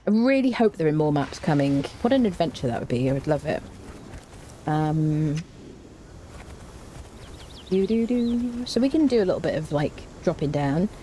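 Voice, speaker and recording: A woman streaming a survival game, chatting casually to viewers and humming little tunes as she plays, excitable and quick to jump up in pitch. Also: slight background noise. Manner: chatty, hums and sings little tunes while playing; excitable, jumps high in pitch. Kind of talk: casual gameplay commentary.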